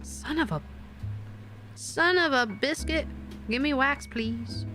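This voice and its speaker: A young woman streaming while doing a craft, chatting casually with her viewers and getting excited easily. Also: high voice, slow, faint music behind.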